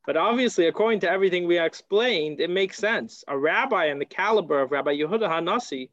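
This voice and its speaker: A man's voice: a little high, animated, a little fast, a bit bright, dry recording, muffled recording. An American man teaching a Torah class, talking in a conversational way and asking rhetorical questions.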